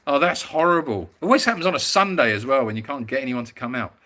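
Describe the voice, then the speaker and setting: An animal sanctuary host runs a casual live stream at home, moving about the house while chatting and reading out viewer comments in a rambling way. His mid-range voice is animated, quick, pushed, and bright.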